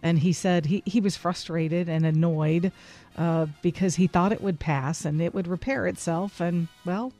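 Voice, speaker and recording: A woman's voice: lowish voice, normal speed, dark tone, faint music behind. A woman hosting a radio show, chatting through entertainment news and quizzing her co-host. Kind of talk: casual entertainment news chat.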